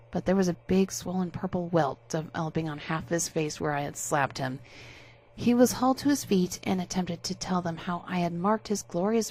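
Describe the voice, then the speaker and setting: A woman reads a story aloud in a steady, casual manner. Her voice sits on the low side. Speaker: narrator.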